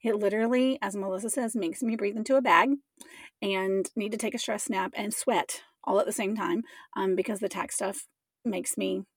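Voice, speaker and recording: A woman's voice: mid-range voice, fairly even intonation, moderate pace, vocal fry, husky, no room sound, clean studio sound. A woman co-hosting a podcast in casual chat, speaking in an upbeat, emphatic way. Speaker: podcast co-host.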